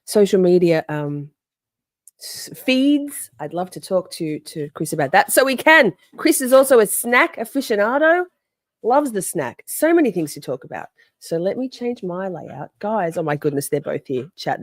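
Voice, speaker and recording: A woman's voice: on the low side, expressive, moderate pace, dry recording. A woman hosting a live-stream podcast from home in a casual, chatty way, greeting viewers by name and breaking off to scold her dogs. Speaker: podcast host.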